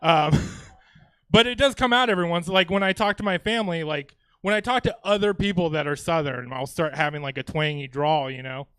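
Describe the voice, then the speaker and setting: A man's voice: fairly high pitch, brisk, sharp tone, smooth, no room sound. A man from Louisiana doing a stand-up comedy set on a comedy theater stage, talking casually with swearing and chuckling asides.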